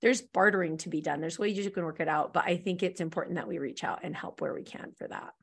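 A woman's voice: lowish voice, quick pace, gravelly, slightly rough. Storytelling homeschooling mother, middle-aged. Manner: storytelling, laughs often, warm and earnest. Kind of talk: casual podcast conversation.

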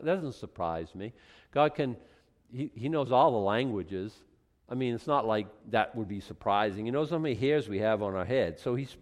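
A male pastor with a Boston accent, preaching a conversational sermon full of rhetorical questions and self-corrections. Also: medium pitch.

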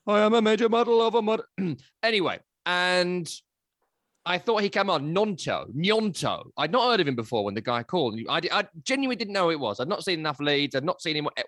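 Animated man talking football. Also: a little high, a little fast, dry recording, clean studio sound. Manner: animated, chatty, breaks into silly voices. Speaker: football podcast host. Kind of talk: casual football analysis chat.

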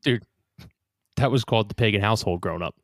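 A man co-hosting a podcast, cracking crude quick jokes. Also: on the low side, no room sound, studio quality. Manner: crude joking, quick quips. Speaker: podcast co-host. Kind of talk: casual podcast banter.

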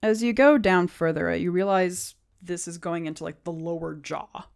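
A woman's voice: on the low side, normal speed, vocal fry, a little mellow. A woman running a tabletop game as game master, describing scenes at length with frequent fillers.

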